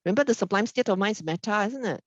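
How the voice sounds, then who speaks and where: Woman, dharma speaker, animated delivery, dry muffled online-talk sound. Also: mid-range voice, rapid-fire, no room sound. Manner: animated, acts out little quoted exchanges, frequent tag questions.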